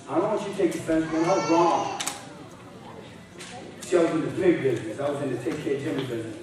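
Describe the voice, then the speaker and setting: Man preaching, high voice, slangy, shouts, booming church echo, mic far off. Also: normal speed, long pauses. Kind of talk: revival sermon. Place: church sanctuary. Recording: echoey hall, distant mic.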